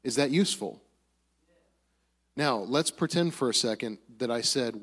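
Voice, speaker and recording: A man's voice: mid-range voice, expressive, a little slow, long pauses, a bit bright, slightly rough. A man giving a casual teaching talk to a church group, conversational and often ending his points with a tag question. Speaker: Bible study speaker.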